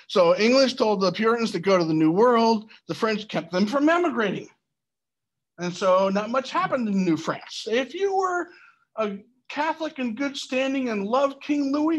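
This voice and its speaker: Man, history lecture, animated, quizzes the class. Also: extremely high pitch, husky. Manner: animated, asks the class questions. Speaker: history teacher.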